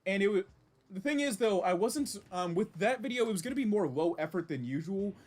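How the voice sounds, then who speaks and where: Animated male game streamer. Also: high-pitched, brisk. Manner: rambling, animated, with frequent restarts and reactions. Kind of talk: casual live-stream commentary.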